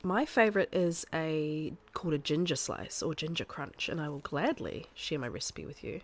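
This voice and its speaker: A young woman from New Zealand with a softened New Zealand accent, chatting casually and rambling with many fillers as she streams a game. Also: deep voice, expressive, moderate pace, a little hiss or hum. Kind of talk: casual live game commentary.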